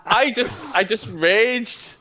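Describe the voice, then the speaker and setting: A man's voice: sits high, slow pace, crowd noise. A young man co-hosting a casual podcast chat, telling a story with energy, swearing and laughing often. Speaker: podcast co-host.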